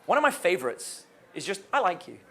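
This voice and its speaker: Young guy giving dating tips, kinda high voice, acts out lines as he goes. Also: a little fast, vocal fry, slight background noise. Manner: animated, acts out quoted lines. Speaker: dating coach. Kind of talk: dating advice talk.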